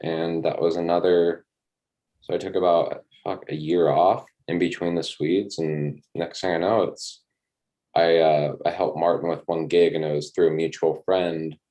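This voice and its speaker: A man with a low, dark, mellow voice talks through his career in a loose, rambling way. He fills gaps with ums and drops the odd swear word, relaxed and unhurried. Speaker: tour manager guest. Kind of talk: casual interview storytelling.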